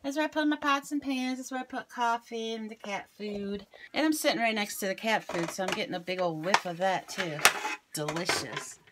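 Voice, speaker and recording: A woman's voice: a little high, a little fast, few pauses, very noisy. Chatty woman showing her kitchen. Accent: slight Southern US. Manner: rambling, chatty, many ums. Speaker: vlogger. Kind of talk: casual home tour chat. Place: home kitchen. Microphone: handheld camera moved around while talking.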